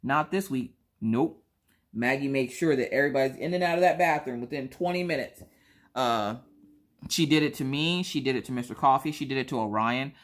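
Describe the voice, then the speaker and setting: A woman's voice: very deep voice, a little fast. A woman, telling family stories in a casual chat and acting out her family's voices. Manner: animated, acts out family members' voices. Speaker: vlogger.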